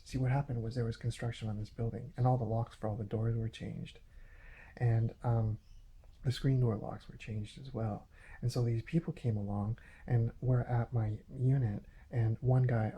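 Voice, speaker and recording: Dark-voiced man ranting with grievance. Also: mid-range voice, a little hiss or hum. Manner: aggrieved, repetitive and accusatory. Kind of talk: ranting monologue vlog.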